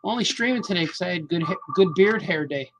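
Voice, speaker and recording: A man's voice: high voice, expressive, fairly quick, noisy background. A cartoonist chatting casually on a live stream as he draws, muttering and joking with his viewers. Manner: mutters along while drawing, joking with chat. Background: music.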